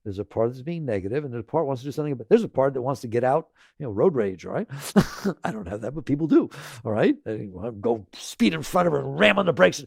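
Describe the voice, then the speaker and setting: A man teaching spirituality in a relaxed, conversational talk. He repeats phrases gently and often checks in with listeners by asking "right?". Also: medium pitch, fast talker, vocal fry, breathy edge, dry recording, studio quality. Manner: conversational, tags lines with "right?".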